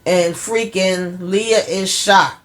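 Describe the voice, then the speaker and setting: A woman casually recapping a TV episode for her viewers, animated and chatty, acting out characters' lines. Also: slow. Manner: animated storytelling, acts out characters' lines with pitch jumps; chatty, addresses viewers as y'all. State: tired. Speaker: TV recap host.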